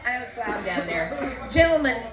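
A woman's voice: fairly high pitch, normal speed. A woman doing a chatty stand-up set, talking straight to the crowd in a comedy club. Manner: chatty, animated, talks to the crowd. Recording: roomy live club with crowd.

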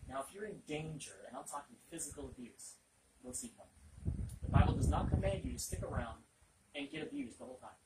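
A man's voice: high-pitched, big pitch swings, brisk, creaky. A man preaching an interactive Bible lesson, asking listeners questions and repeating their answers back. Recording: echoey room, distant mic, loud noise.

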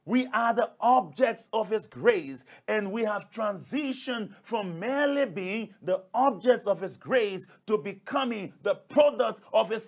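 A man's voice: very high-pitched, vocal fry. A male pastor preaching a sermon, emphatic and repetitive, addressing listeners as brothers and sisters. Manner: emphatic, repeats key phrases.

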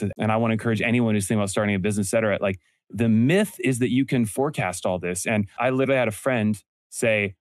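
A man's voice: lowish voice, fairly even intonation, quick pace, no room sound, clean studio sound. A man talking as a guest in a casual interview, telling stories earnestly with frequent restarts. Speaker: guest entrepreneur.

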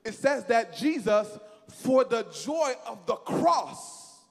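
Male preacher, lively swooping delivery, call-and-response sermon, echoing hall. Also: extremely high pitch, slow pace, gravelly. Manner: emphatic, repeats phrases, leads the congregation in call-and-response.

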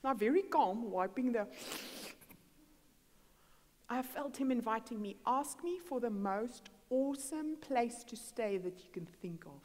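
Woman, middle-aged, animated testimony sermon, higher voice, long hall echo. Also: unhurried. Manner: animated storytelling, acting out dialogue. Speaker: guest speaker. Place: church hall.

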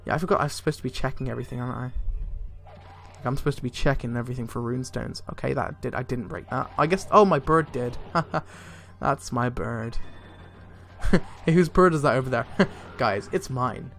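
A young man giving casual, excitable gameplay commentary, swearing a lot and laughing often. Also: medium pitch, fairly quick, vocal fry. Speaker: let's play gamer. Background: faint game music.

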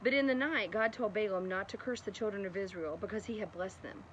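The audio is dull, and a woman with a medium-pitched, slightly bright voice speaks a little fast as traffic rumbles outside. Chatty and prone to laughing asides, she recounts a bedtime Bible story.

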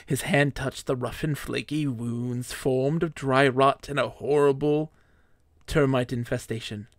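Man, streamer, theatrical mock-grand delivery, gravelly tone, dry close sound. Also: medium pitch, steady tone, a little slow, dry recording. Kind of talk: dramatic reading, then casual stream chat.

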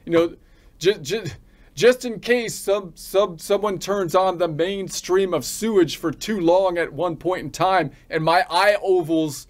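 A man from the United States ranting comically, rambling and halting with frequent restarts. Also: high voice. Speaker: channel host. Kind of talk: comic rant.

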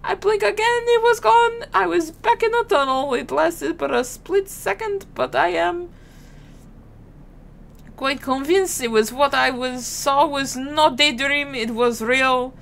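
A haunted French soldier reads his report aloud in a halting, stilted manner, as a woman puts him on. The mock French accent is raised well above her own register. The pace is slow, like a game letter being read for a horror stream. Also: high voice, gravelly, fairly bright tone, voice pushed up, exaggerated voice.

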